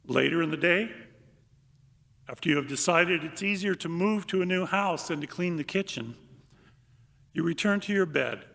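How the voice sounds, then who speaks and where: An older male priest giving a homily, slow and reflective with long pauses, and reading aloud with lively comic emphasis. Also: on the high side, creaky. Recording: long reverb of a large hall.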